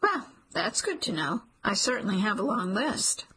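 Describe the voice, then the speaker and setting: A woman voicing a fed-up, snarky young female coworker who talks in quick, exasperated bursts. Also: medium pitch, very animated, sharp tone, husky, full character voice.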